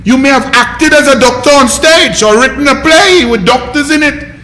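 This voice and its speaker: High-pitched ranting Trinidadian man. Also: moderate pace, pushed and bright, reverberant. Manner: combative, mocking, scolding. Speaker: political commentary host. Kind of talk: ranting political commentary.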